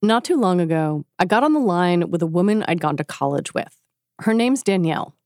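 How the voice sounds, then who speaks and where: A woman podcast host with a scratchy voice from a cold, narrating the story in a measured, explanatory way. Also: fairly low pitch, lively intonation, a little mellow, dry recording, studio quality. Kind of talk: scripted narration and interviewing.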